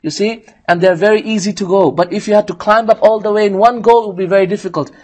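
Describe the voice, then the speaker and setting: A man preaching an Islamic lecture in an animated storytelling manner. He slips into voices for the people in his stories and often asks his listeners to agree with him. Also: high voice, fast talker. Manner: animated storytelling, acts out the devil's coaxing in a raised voice.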